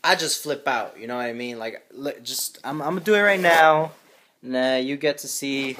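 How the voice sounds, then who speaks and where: A man's voice: medium pitch, normal speed, sharp tone, a little hiss or hum. A young man and father talking casually to his camera at home in a loose, chatty way, swearing freely. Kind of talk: casual vlog chat to camera.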